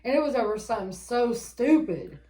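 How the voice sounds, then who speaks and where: Woman cohost cussing nonstop, kinda high voice, echoey room, blunt casual chat. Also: expressive, moderate pace, mellow. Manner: blunt, swears heavily. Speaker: podcast co-host.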